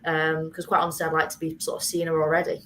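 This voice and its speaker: A frank woman with a slightly low voice, giving firm opinions as a fan panelist. A faint hiss runs under the recording. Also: completely flat delivery, quick pace, fairly bright tone, low-quality recording. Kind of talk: casual chat.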